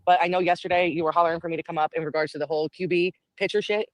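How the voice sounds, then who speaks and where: A woman's voice: on the low side, fairly even intonation, rapid-fire, no echo. A woman calling into a live stream, chatty and teasing. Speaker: guest caller on a live stream. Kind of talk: casual live-stream chat.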